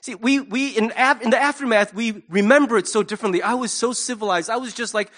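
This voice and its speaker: A man's voice: very high voice, fast, a bit bright. A man preaching a sermon as pastor, conversational and humorous, slipping into acted asides. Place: church.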